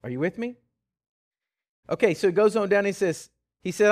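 Animated preacher with swinging pitch. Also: male voice, moderate pace, pauses often. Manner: animated, big pitch swings, stammering repeats, chuckles. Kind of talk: sermon.

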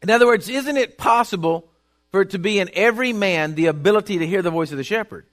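A man's voice: high voice, fast, fairly bright tone. A man preaching a sermon in an emphatic, folksy way, repeating his points and reading Bible verses aloud.

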